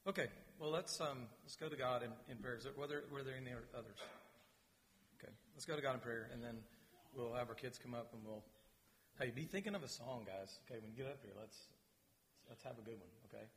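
A man leading his church in announcements and a spoken prayer, gentle and pausing, with repeated words. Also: medium pitch, slight background noise. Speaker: pastor. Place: church sanctuary. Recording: long reverb of a large hall.

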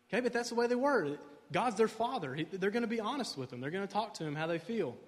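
A man's voice: high-pitched, lively intonation, fast talker. Man preaching in an echoing hall. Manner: conversational, keeps asking "okay?". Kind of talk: sermon. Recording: long hall reverb.

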